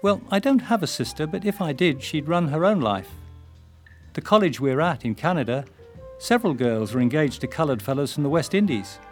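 A man's voice: fairly high pitch, animated, brisk, faint music behind, voice pushed up, natural voice. An older English man voicing his younger self, a polite English student asking careful questions.

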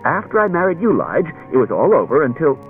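A talkative, fretful wife who wanders all around her story, her voice lifted high and swinging up and down, as a male reader puts her on. The recording is dull and lo-fi, with faint music behind. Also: sing-song, brisk. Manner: rambling, circuitous storytelling. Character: chatty anxious wife, adult woman.

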